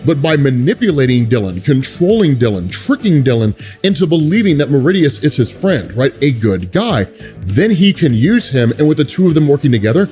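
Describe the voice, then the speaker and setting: A man's voice: mid-range voice, big pitch swings, fairly quick, darkish tone, soft background music. A man in a casual, conversational style, explaining a comic book story and often adding asides like "right?". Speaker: comic book recap host.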